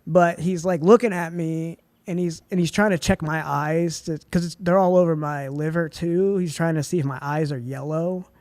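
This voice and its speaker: A man's voice: fairly high pitch, fairly even intonation, normal speed, hardly any pauses, darkish tone, no room sound. Laid-back young man telling a story. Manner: laid-back, heavy on "like" and "dude". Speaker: podcast guest. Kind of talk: casual storytelling.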